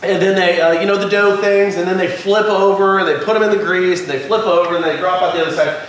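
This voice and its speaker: A man's voice: sits high, steady tone, fast. A man from California, a guest speaker at a class, telling chatty anecdotes to the room, acting out quotes and laughing often. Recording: echoey room, voice far from the mic, faint background noise.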